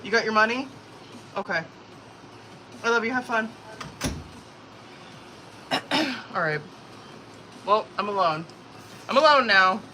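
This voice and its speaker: Bright-voiced, foul-mouthed woman streamer. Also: on the high side, lively intonation, slow, long pauses, a little hiss or hum, poor audio. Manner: chatty, profane, laughs often. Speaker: tarot reader hosting a live stream. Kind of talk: casual live-stream chat. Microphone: phone or tablet.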